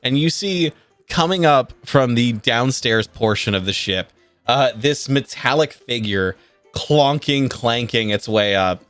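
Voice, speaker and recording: A man's voice: mid-range voice, animated, measured pace, a bit bright, dry recording, soft background music. A man narrating as game master of a tabletop game, rambling with many fillers, cursing and laughing along.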